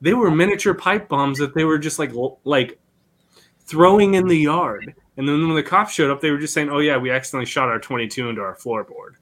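A man's voice: fairly high pitch, brisk, fairly bright tone. A man telling a rambling, profane story in casual podcast chat, laughing as he goes. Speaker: podcast co-host.

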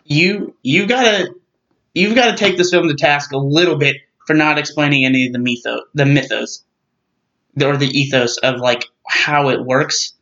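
A man's voice: on the high side, moderate pace, pushed and bright. A man co-hosting a casual film podcast, arguing and pressing his points. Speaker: podcast co-host. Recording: dull lo-fi sound.

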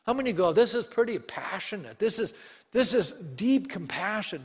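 A man preaching a sermon as pastor, reading scripture aloud with earnest emphasis and letting key lines fall slow and soft. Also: high-pitched, lively intonation, husky, long reverb tail.

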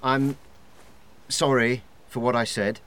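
A man's voice: medium pitch, fairly even intonation, takes it slowly, a bit bright. A man playing a blunt, impatient colleague in a comedy sketch, curt and matter-of-fact.

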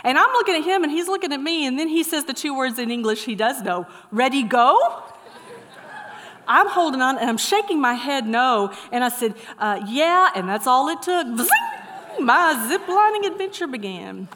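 A middle-aged woman preaching a sermon, moving from lively storytelling to soft, earnest encouragement. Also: high-pitched, a little fast, hardly any pauses, slight background noise. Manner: animated storytelling, then soft earnest exhortation. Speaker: pastor. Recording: long hall reverb.

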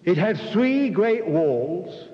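A man's voice: high voice, very animated, very slow. A man preaching a sermon, speaking to his listeners directly and building long repeated lists. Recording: dull, echoey hall recording.

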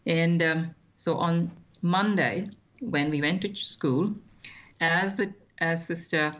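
A man, recounting his childhood as an interview guest in a measured, thoughtful way with frequent hesitations. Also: fairly high pitch, fairly bright tone, lo-fi sound. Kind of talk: reflective personal storytelling.

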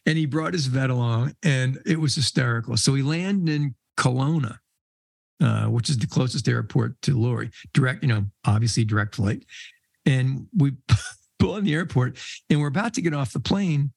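A man's voice: medium pitch, moderate pace, vocal fry, husky, no room sound. An older man, a podcast guest, telling casual rambling anecdotes and laughing mid-sentence. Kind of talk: casual storytelling.

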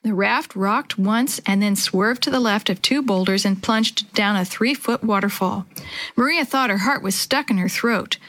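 A woman reading a children's chapter book aloud in a lively, expressive way. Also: mid-range voice, normal speed. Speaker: storyteller.

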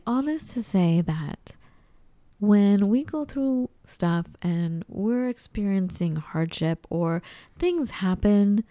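A woman in casual conversation, telling a personal story in a lively way and acting out what people said. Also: medium pitch, no room sound. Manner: animated storytelling, acts out quotes. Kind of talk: casual chat.

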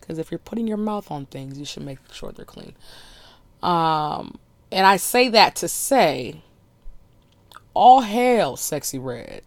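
A woman hosting a podcast, talking in a blunt, crude, animated solo monologue with laughing asides. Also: mid-range voice, unhurried, long pauses, dry recording. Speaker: podcast host.

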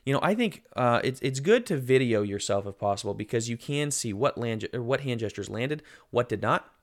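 A man's voice: medium pitch, animated, brisk. A man in his thirties co-hosting a casual podcast, earnest and self-deprecating, with plenty of fillers. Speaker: podcast co-host.

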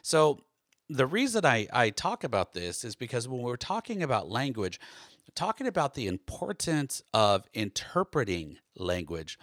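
A man's voice: mid-range voice, fairly bright tone, no room sound, studio quality. An American man hosting a solo podcast, talking in a loose, conversational way with many fillers and restarts. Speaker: podcast host.

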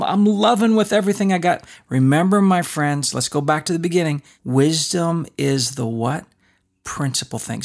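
A man co-hosting a faith talk show, teaching in an animated, preacher-like way and acting out stories. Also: medium pitch, gravelly. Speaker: podcast co-host. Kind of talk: conversational faith teaching with storytelling.

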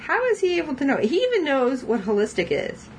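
A woman's voice: high-pitched, big pitch swings, brisk, slight background noise, rough recording. A woman co-hosting a casual podcast, recapping a TV episode in a chatty way and laughing often as she quotes the characters. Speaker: podcast co-host.

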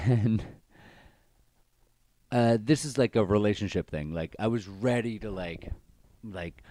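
Low-voiced man telling crude bar stories. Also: takes it slowly, dark tone, no room sound. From Baltimore. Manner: rambling and crude, lots of fillers. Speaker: podcast co-host, bartender. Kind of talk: casual podcast banter, storytelling.

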